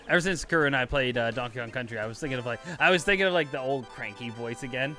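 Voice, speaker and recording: A man's voice: medium pitch, fast talker, sharp tone, faint music behind. A man streaming a game, giving casual gameplay commentary in a chatty, rambling way and talking to his chat.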